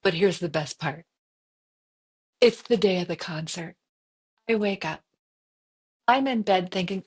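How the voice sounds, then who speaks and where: A woman in her fifties talks as a podcast co-host, her voice slightly husky and breathy. She tells stories animatedly in a casual, conversational way, slipping into her own inner voice as she goes. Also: on the low side, measured pace, long pauses, a little mellow. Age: 50s. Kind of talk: casual storytelling chat.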